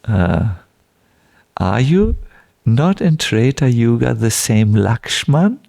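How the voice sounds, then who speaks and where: Man, devotional lecture, slow pace, animated intonation, chuckling storyteller. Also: medium pitch, creaky. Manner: unhurried, chuckling, many fillers. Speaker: spiritual teacher.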